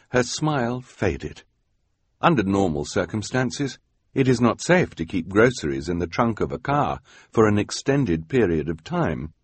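A man's voice: fairly low pitch, husky, dry recording. A man reading an audiobook in a dry, wry storytelling manner. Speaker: audiobook narrator. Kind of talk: scripted narration. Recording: dry studio voice-over.

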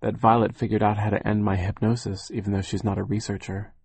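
A man reading an audiobook and voicing a quiet, polite, bookish young boy. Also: on the low side, level tone, fast talker, gravelly, husky.

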